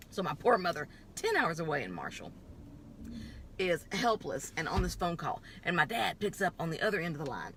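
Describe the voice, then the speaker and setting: A woman telling a dramatic personal story in a lively way while driving, laughing often and acting out the voices of other people. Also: fairly low pitch, a little fast, slight background noise. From Texas. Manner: animated, laughs often, acts out voices in quotes. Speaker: vlogger. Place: in a car.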